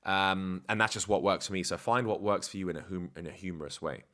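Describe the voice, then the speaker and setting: A man's voice: low voice, steady tone, fast talker, pushed and bright. A man talking as a dating coach in a casual vlog, blunt, slangy and self-assured.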